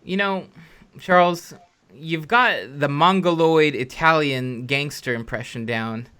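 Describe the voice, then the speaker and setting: A man hosting a podcast, chatting earnestly and reading out listener questions, often halting and restarting. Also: on the high side, bright, forceful tone, clear, resonant tone. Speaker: podcast host.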